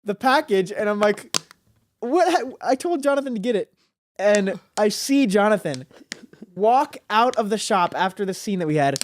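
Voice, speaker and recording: A man's voice: high voice, lively intonation, normal speed. A teenage man, a podcast guest, telling a rambling story in casual chat with plenty of filler words. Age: teens.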